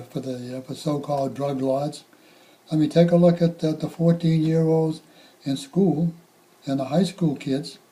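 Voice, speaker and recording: Older man recounting fire calls, bright. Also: on the high side, slight background noise, rough recording. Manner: halting, reflective, repeats words. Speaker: retired firefighter telling stories. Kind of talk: spoken reminiscence.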